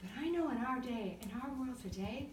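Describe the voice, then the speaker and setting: A woman counselor talking to a church group, telling stories in an animated way, acting out voices and laughing often. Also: a little high, a little fast, a little hiss or hum. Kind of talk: church talk to a live group. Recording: echoey room recorded from far off.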